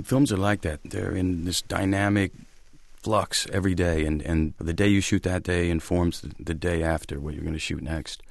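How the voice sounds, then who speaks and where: A man's voice: extremely low pitch, no echo. A male actor being interviewed, thoughtful and hesitant, with frequent ums. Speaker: actor guest. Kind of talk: interview talk.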